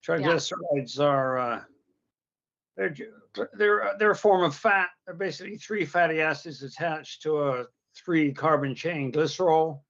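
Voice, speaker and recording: A man's voice: fairly high pitch, a little slow, fairly bright tone, dull audio. A middle-aged man, a pathologist guest on a podcast, explaining technical points in a conversational way with some "uh" fillers.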